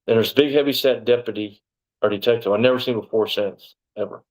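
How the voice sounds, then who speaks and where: A middle-aged man talks fast in a fairly low voice, a former deputy telling his own story in an interview. He rambles and acts out every exchange in quoted dialogue. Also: darkish tone, rough recording.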